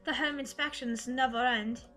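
A woman voicing a smooth, flattering older male boss from a game, in a put-on British accent. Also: sits high, normal speed, loud music behind the voice, lightly acted. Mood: suave. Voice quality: flattering, theatrical delivery. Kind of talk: reading game dialogue aloud.

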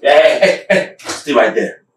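A man's voice: fairly high pitch, unhurried, a little hiss or hum. An angry scolding man. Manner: shouting, scolding, lively. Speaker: deceived partner, broke son. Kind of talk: Nollywood film acting. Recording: echoey room with background music.

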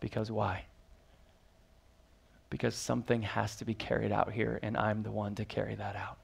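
A man's voice: fairly low pitch, level tone, moderate pace, vocal fry, breathy edge. A man preaching as pastor, reading scripture aloud and then explaining it with rising emphasis and questions to the congregation. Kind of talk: sermon.

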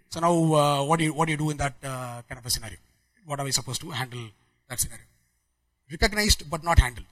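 A man giving a technical conference talk, talking quickly with frequent restarts and fillers. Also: fairly high pitch, fairly bright tone, poor audio. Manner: rapid, many restarts and fillers. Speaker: conference speaker.

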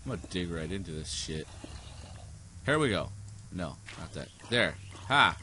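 Young man, sleepy let's play commentary, lively swooping pitch, slow bright delivery. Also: a little hiss or hum. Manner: goofy, rambling, sings snippets and silly voices. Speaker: gaming YouTuber.

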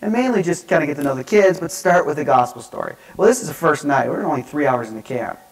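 A man giving a lecture, telling stories in an animated, self-mocking way that swings between hushed and loud. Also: on the high side, quick pace, rough recording. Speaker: speaker at a divinity school lecture. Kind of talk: storytelling lecture. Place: lecture hall.

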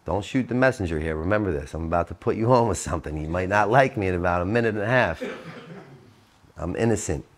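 A man in his forties speaking to an audience at a treatment center, blunt and profane, swinging between loud emphatic bursts and low quiet asides. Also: animated, fast. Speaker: motivational speaker. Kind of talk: recovery talk to an audience.

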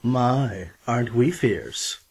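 A man voicing a freaky male alien plant bartender, his voice run through a layered pitch-shift alien effect, speaking in a slow, teasing drawl. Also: animated, gravelly, slightly rough, full character voice.

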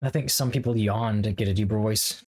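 A man's voice: lowish voice, fairly even intonation, brisk, a little mellow, husky, rough recording. Man, Let's Play host, rambling jokey commentary. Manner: rambling and jokey, talking to viewers. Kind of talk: casual gameplay commentary.

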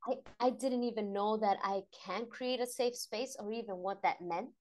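A woman guest who teaches mindfulness to kids, telling stories expressively and often dropping to a soft, quiet voice. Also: medium pitch, normal speed. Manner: expressive storytelling, drops to soft near-whispers. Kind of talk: casual interview chat.

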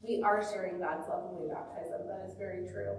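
A woman pastor leading a children's sermon in a church, gently asking the children questions. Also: lowish voice, steady tone, fairly quick, a little hiss or hum. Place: church sanctuary. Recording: very echoey church, mic far off.

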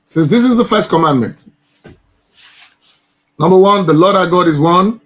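A man's voice: high-pitched, normal speed, a bit bright. A male church minister teaching from the Bible, stressing points by repeating phrases and now and then addressing someone as sir.

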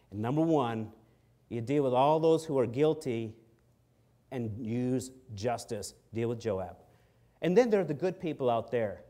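A pastor preaching an emphatic sermon, swinging between quiet and loud lines and acting out quotes from the story. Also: male voice, mid-range voice.

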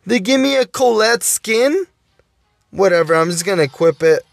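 A man's voice: high-pitched, lively intonation, moderate pace, vocal fry, soft background music. A male YouTuber giving gameplay commentary while opening loot boxes, pleading for luck and calling out to his viewers again and again. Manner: pleading, keeps saying "guys" and "oh my dude". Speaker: mobile gaming YouTuber.

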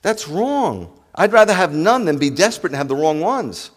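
A man, a rabbi preaching to his congregation in an animated, joking way and speaking straight to the listeners. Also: on the high side, fast. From New York. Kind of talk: sermon.

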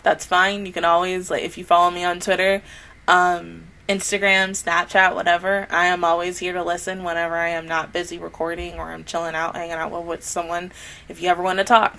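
A woman with a somewhat low voice speaks to the camera in a casual, loose review. She is earnest and heartfelt, rambling and circling back as she talks. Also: gravelly, fairly bright tone, low-quality recording. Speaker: anime reaction YouTuber.

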